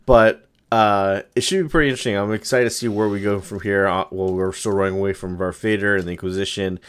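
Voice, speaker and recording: A man's voice: fairly low pitch, brisk, few pauses, clear, resonant tone. A man in casual chat as a podcast co-host, rambling with lots of fillers. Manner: rambling, lots of ums and likes.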